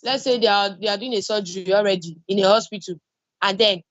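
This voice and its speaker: A woman's voice: mid-range voice, fast talker, fairly bright tone, no echo, highs cut off. A woman with a Nigerian English accent teaching an online cloud security class, repeating key points and reassuring with everyday examples. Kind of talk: online training lecture.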